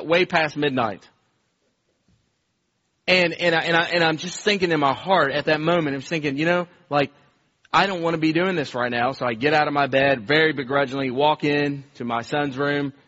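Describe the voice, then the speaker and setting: A man's voice: a little high, fairly bright tone, muffled recording. A man preaching a conversational sermon, telling stories earnestly with frequent restarts and repeated words. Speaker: pastor.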